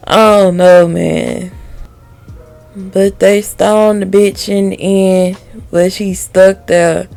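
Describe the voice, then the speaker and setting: A woman's voice: medium pitch, vocal fry, darkish tone. A woman reviewing a TV episode to camera in a candid, heated, profane way, laughing often. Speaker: TV show reviewer. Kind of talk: casual video review.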